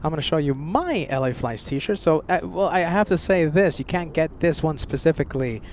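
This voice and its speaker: An American man hosts a casual livestream outdoors at an airport, chatting and thanking his viewers. His voice is a little high, brisk, and lively in intonation, with faint street, traffic, and vehicle noise in the background.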